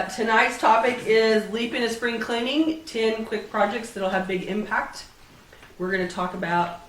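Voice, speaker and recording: A woman's voice: medium pitch, fairly bright tone, slight background noise. A woman with a cold giving a casual talk to a meetup group as a professional organizer, chatty and often checking in with the audience. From Texas. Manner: chatty, keeps asking "right?" of the audience. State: has a cold. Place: meeting room with an audience. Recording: echoey room, mic at a distance.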